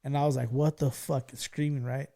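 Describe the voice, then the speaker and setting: A man in his forties from California, hosting a podcast and telling stories in a loose, profane, excitable way. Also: mid-range voice, normal speed, vocal fry. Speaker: podcast host. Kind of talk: casual storytelling chat.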